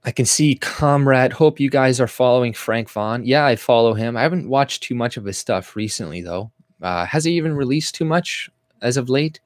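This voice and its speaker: A man's voice: mid-range voice, normal speed, no room sound, studio quality. Blunt, profane Canadian man ranting. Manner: blunt, profane, heavy on fillers and restarts. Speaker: YouTube channel host. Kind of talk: livestream rant reading viewer comments.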